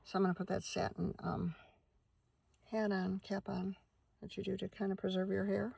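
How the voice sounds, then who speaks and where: A woman's voice: medium pitch, flat delivery, normal speed, creaky, darkish tone, slightly rough, dry recording. A woman chatting casually to camera from inside her van at night, rambling from one thing to the next. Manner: rambling, chatty, talks to her dog in between. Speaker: vlogger and minister.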